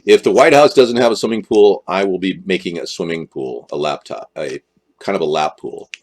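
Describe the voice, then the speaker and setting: A man's voice: low-pitched, moderate pace. A man hosting a political live stream, rambling and joking and often jumping into exaggerated voices. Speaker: livestream host.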